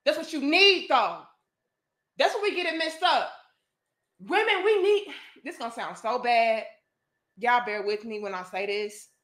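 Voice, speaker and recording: Emphatic high-voiced woman preaching opinions. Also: animated, measured pace, fairly bright tone, roomy sound. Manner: preachy, emphatic, profane, with pointed rhetorical questions. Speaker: vlogger. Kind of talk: opinion monologue to a live audience.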